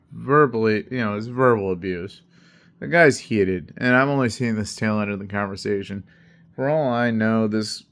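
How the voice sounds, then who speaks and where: A man telling a story in a casual vlog, intense and heavy on swearing, often checking in with "right?" and "you know". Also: fairly low pitch. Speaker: delivery driver telling a story.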